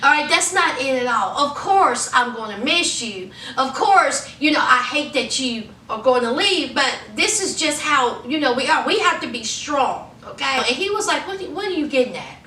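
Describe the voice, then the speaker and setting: A woman giving a sassy, animated casual commentary as a reality TV recap vlogger, slipping into quoted voices. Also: high voice, moderate pace, few pauses. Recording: echoey room, a bit far from mic, faint noise.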